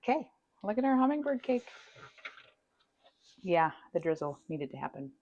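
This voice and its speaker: A woman's voice: mid-range voice, big pitch swings, moderate pace, mellow, dull audio. A woman baking at home who chats while she decorates a cake. She pokes fun at herself and laughs often. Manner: chatty, self-deprecating, laughs often. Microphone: wireless microphone.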